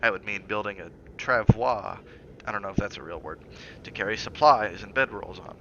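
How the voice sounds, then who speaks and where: A man voicing a tense, short-tempered husband, sarcastic and clipped, sometimes soft and measured. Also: on the low side, lo-fi sound, noisy background, lightly acted.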